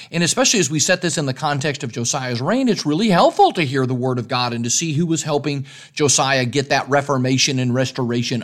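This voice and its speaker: An older man, a preacher, giving a casual devotional talk on a podcast in a folksy, earnest way, often restarting his sentences. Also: mid-range voice.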